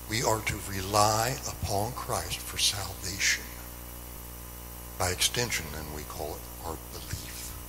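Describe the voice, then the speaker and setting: A man's voice: on the low side, sharp tone, long reverb tail, slight background noise, poor audio. A man teaching a Bible lesson in an earnest, repetitive style that builds emphasis. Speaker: Sunday school teacher. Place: church.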